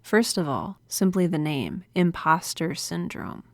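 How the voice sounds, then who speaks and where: This solo podcast host has a voice on the low side with a sing-song lilt, speaking a little slowly. She leans close to a studio mic, no room sound, and her manner is earnest and confiding with an audible smile.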